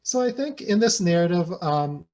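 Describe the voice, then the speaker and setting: A man's voice: sits high, animated, normal speed, a little mellow. Man lecturing with many "right?" tags. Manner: frequent "right?" and "you know" fillers, thinking aloud. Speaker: sociolinguistics researcher presenting a talk. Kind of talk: academic lecture.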